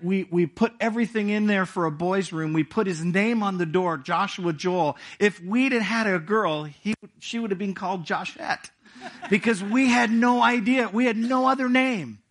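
A man's voice: high-pitched, normal speed, a bit bright. A middle-aged man preaching a sermon, telling a personal testimony in a conversational, storytelling way with asides to the congregation. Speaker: pastor.

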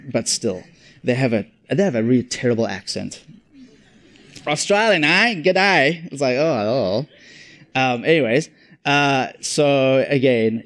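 A man with a South African accent preaching a sermon in an earnest, conversational way, often repeating and restarting his phrases. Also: mid-range voice. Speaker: pastor.

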